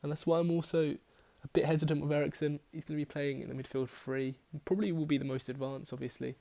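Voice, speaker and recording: A fast-talking man with a higher-leaning, creaky, warm voice keeps a level tone as he goes over his fantasy football picks. He's chatty and rambling, backtracks to correct himself, and swears in a casual way.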